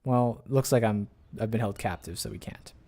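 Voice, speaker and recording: A man's voice: lowish voice, moderate pace, vocal fry, warm tone. A man streaming a game, making casual, wry remarks as he plays. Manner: casual, wry asides while playing. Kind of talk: casual gameplay commentary.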